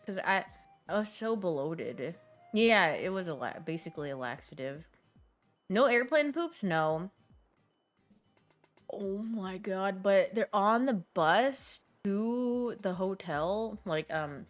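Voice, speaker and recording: Chatty young woman streamer. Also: mid-range voice. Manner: chatty, animated storytelling with voiced asides. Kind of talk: casual chat with viewers.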